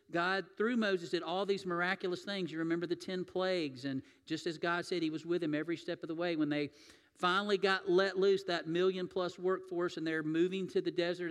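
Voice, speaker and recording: A man's voice: high-pitched, clear, resonant tone. A man preaching a sermon as pastor, telling folksy stories and acting out the voices in them. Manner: folksy storytelling, acts out quoted voices. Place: church sanctuary. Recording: long hall reverb.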